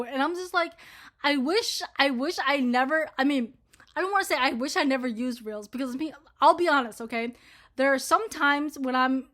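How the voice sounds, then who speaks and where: Woman in her twenties, bright voice, casual rant, heavy swearing, lots of filler words. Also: high-pitched. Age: 20s. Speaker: vlogger. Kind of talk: casual ranting commentary to camera.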